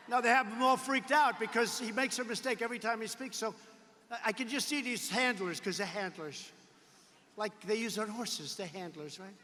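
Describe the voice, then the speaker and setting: Forceful man giving a rally speech. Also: high-pitched, moderate pace, a little hiss or hum. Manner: emphatic, repetitive, digressive, boastful. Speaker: political speaker at a rally. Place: large arena. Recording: reverberant arena hall.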